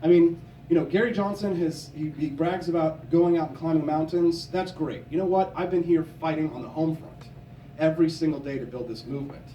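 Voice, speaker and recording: A man's voice: fairly high pitch, a little fast, a little hiss or hum. Young man giving a campaign speech in a hall. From Missouri, USA. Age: young adult. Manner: forceful, combative stump-speech delivery. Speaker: political candidate. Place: convention hall. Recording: echoey hall, from a distance.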